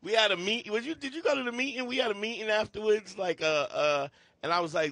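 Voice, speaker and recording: A middle-aged man co-hosting a podcast, telling a loud, profane story and acting out the voices in it. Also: high voice, fast, no echo. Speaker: podcast co-host. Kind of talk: casual storytelling chat.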